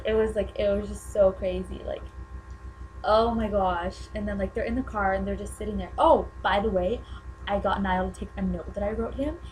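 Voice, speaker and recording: A young woman vlogger telling an excited fan story to the camera, gushing and packing her talk with "like". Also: mid-range voice, slight background noise, poor audio. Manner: gushing, fast valley-girl chatter full of "like".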